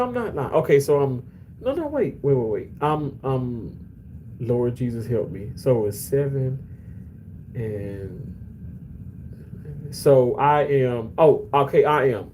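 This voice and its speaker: Chatty livestreaming man, excitable pitch jumps. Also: takes it slowly, pauses often, slight background noise, low-quality recording. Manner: animated, often jumps high in pitch, restarts a lot. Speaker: livestreamer reading chat. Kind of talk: casual livestream chat. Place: at work during a shift.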